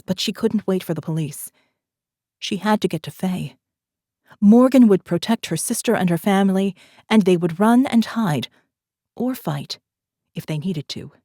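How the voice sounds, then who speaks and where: A woman narrating a thriller audiobook in a steady, measured storytelling voice, recorded on a close studio mic. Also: fairly low pitch, dry recording. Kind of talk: scripted narration.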